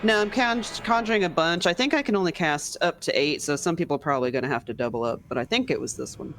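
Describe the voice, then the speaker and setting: A woman's voice: deep voice, quick pace, soft background music. A woman playing a tabletop game, chatting casually and checking rules aloud. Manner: casual, unsure about rules. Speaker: player.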